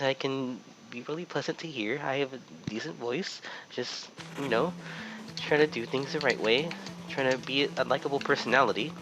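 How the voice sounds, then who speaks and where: A man's voice: medium pitch, lightly acted, rough recording. Man putting on a sugary, overly humble gamer voice. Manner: slow, sugary, mock-gentle commentary. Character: overly polite, humble soft-spoken male gamer. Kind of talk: let's-play commentary. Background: video game music.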